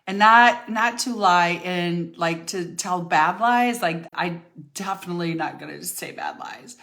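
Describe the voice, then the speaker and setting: A woman's voice: on the low side, a little slow, a bit bright. An older woman telling her own life story to her followers in a chatty, candid way, full of fillers and restarts. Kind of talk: casual storytelling to camera.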